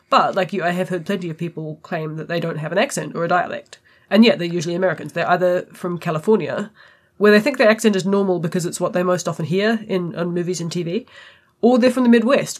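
A podcast co-host with a New Zealand accent, explaining points in a casual, matter-of-fact way. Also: medium pitch. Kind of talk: casual discussion.

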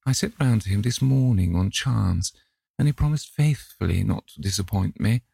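A fussy, exclaiming grand old hostess scolds her guests in a raised, lifted voice, as a man reads her in an audiobook. The sound is close and dry, with a gravelly edge under the put-on height. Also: lowish voice, normal speed, warm tone, no echo, voice pushed up, exaggerated voice. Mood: scolding. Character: chatty scolding elderly society hostess, woman. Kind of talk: audiobook character reading.

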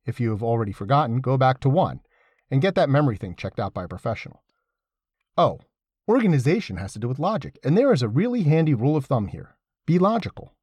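Wry man reading an essay, husky. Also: medium pitch, no room sound. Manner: wry, sardonic asides; lively, emphatic delivery. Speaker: essay reader.

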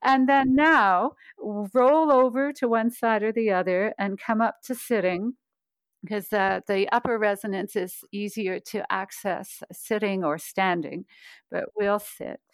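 Slow-spoken, smooth-voiced woman voice coach. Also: mid-range voice, no room sound. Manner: slow, patient, demonstrating hums and chants. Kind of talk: guided voice exercises.

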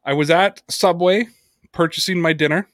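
A man hosting a casual sports podcast. He reads sponsor plugs and tells stories in an animated way, swearing often. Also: a little high, moderate pace, dry recording. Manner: animated storyteller, heavy swearing. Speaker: podcast host.

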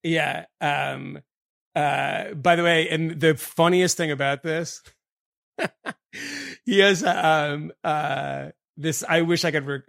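Gravelly chatty podcast man. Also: fairly high pitch, a bit bright, dry recording, studio quality. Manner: rambling, many fillers, laughs mid-sentence. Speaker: podcast co-host. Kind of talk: casual chat, reading a listener email.

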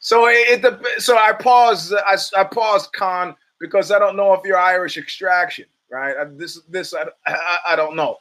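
Male podcast host, rambling and restless, bright, pushy tone. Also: high-pitched, moderate pace. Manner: rambling and animated, with many restarts and stammers. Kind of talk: casual monologue.

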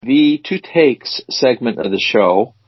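A man co-hosting a casual chat show, teasing his co-host and reading word definitions out slowly. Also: medium pitch, lively intonation, breathy edge, dry recording, faint music behind. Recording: dull dry lo-fi recording.

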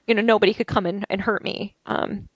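A woman telling an interview host about a violent attack she survived, talking haltingly with many restarts. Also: medium pitch, little pitch movement, husky, no room sound, dull audio. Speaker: interview guest. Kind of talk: recounting a personal ordeal. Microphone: video call.

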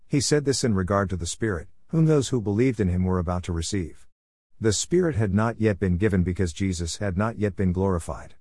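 Male scripture reader, low voice, dry close read, calls out verse numbers. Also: brisk, darkish tone, no echo. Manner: reads verse numbers aloud.

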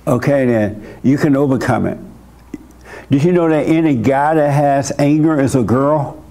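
A man's voice: mid-range voice, moderate pace, dark tone. A man hosting a church gathering, counseling a young caller in a direct, insistent way with short pointed questions and repeated words for emphasis. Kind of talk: blunt counseling conversation.

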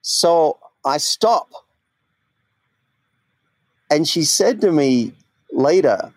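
A man's voice: a little high, lively intonation, takes it slowly, pauses often, darkish tone, no echo. Podcast host man, open personal stories, dry close sound. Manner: candid, personal storytelling. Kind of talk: casual chat.

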